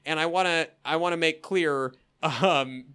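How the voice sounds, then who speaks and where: A man co-hosting a podcast, chatting casually about a film with animated, jokey energy and frequent laughs. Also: fairly high pitch, a little slow, clear, resonant tone. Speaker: podcast co-host. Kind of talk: casual chat reviewing a film.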